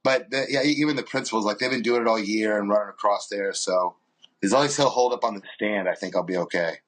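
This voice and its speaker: A man's voice: lowish voice, fast talker, a bit bright, poor audio. A man co-hosting a podcast, telling a long anecdote in casual chat and acting out the people in it. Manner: rambling anecdote-telling, acts out quoted people. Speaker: podcast co-host.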